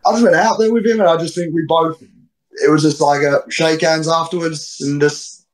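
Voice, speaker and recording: A man with a London accent tells stories with a blunt, slangy edge, cursing freely as he goes. His voice sits a touch high for a man. It is a casual, laid-back interview. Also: steady tone, normal speed, rough recording. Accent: London English. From England. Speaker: guest wrestler.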